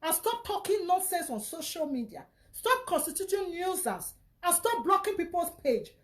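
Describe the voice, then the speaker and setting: Nigerian woman, high voice, angry scolding rant. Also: sing-song, normal speed. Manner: scolding, insulting, repeats herself. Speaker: vlogger. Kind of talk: angry social media rant.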